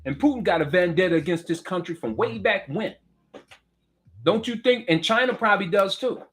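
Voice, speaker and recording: A man's voice: high-pitched, lively intonation, brisk, a bit bright. A middle-aged man, delivering a heated political rant. He preaches with fire, repeats himself and throws direct questions at the listener. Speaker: political commentator.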